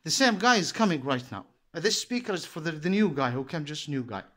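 A man's voice: a little high, lively intonation, fairly quick, bright, forceful tone. A man filming a noise dispute in shared housing at night, repeating himself as he pleads and complains. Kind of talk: handheld argument and complaint vlog.

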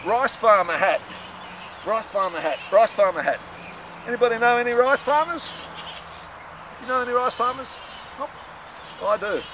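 A man rambling and chanting an improvised song, swinging between muttering and loud outbursts. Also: sits high. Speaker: performer in an experimental film. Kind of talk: rambling improvised monologue and singing. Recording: outdoor recording with clear street noise.

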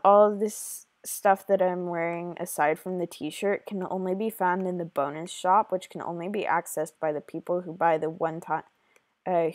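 A woman giving casual game commentary, chatty and a little apologetic, with halting pauses. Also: fairly low pitch, darkish tone, no echo. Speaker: gaming video creator.

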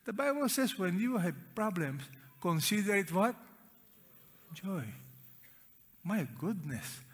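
A man's voice: high-pitched, animated, takes it slowly, slightly rough. A man preaching a sermon to a congregation, stressing key words, asking them questions and leading them in reading aloud. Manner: asks the congregation questions and has them read along; emphatic, repeats key words. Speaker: pastor. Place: church auditorium. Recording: long reverb of a large hall.

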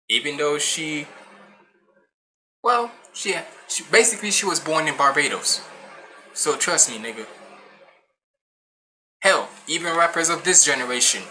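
Bright-voiced young man reacting casually. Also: fairly high pitch. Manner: loose, slangy, quick to laugh and swear. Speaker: reaction video host.

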